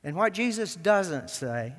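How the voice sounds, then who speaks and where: A man preaching a sermon to his congregation, deliberate and emphatic, repeating key words with long pauses. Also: high-pitched, big pitch swings. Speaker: pastor. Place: church sanctuary. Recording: long reverb of a large church.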